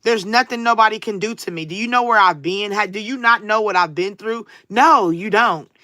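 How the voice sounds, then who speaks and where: A woman's voice: mid-range voice, moderate pace, bright, forceful tone, no room sound, studio quality. A woman, talking casually and sarcastically to her livestream viewers, with a preacher-like cadence. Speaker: livestream tarot reader.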